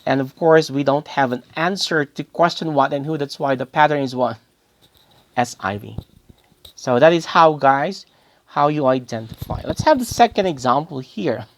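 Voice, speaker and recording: A man's voice: on the high side, moderate pace. A male English teacher giving a grammar lesson, posing questions to the class and then answering them himself, often calling his listeners "guys" and repeating key phrases.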